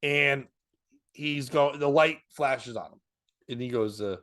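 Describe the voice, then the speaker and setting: A male comedian who hosts a podcast recounts a story in a laid-back way, laughing throughout, imitating others' lines and cursing freely. He speaks slowly in a mid-range voice with a fairly bright tone.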